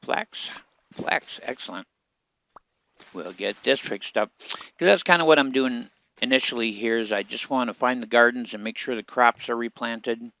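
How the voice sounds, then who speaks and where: A man giving relaxed, casual commentary as he plays a survival game, talking half to himself. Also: mid-range voice, normal speed. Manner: relaxed, muttering to himself while playing. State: hiccups. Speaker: game streamer.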